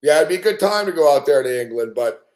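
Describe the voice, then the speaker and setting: Host, middle-aged man from Canada, slightly high voice, brash, profane, laughing rambler. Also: animated, quick pace. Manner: rambling, brash, swears constantly, laughs often. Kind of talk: profane late-night betting chat.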